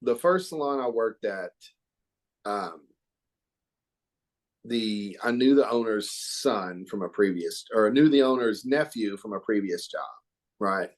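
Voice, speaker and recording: A man's voice: fairly low pitch, unhurried, long pauses. A middle-aged man from Oklahoma, a hair educator talking as a podcast guest in an earnest, reflective, emphatic way. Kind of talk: podcast interview chat.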